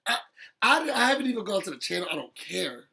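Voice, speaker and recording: A man talks to his viewers in a loose, heartfelt recap of a reality show episode. His voice sits high and bright, and he keeps laughing and pressing his points with feeling. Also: fast talker, creaky. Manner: animated, laughing often, talking straight to viewers. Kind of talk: emotional casual recap chat.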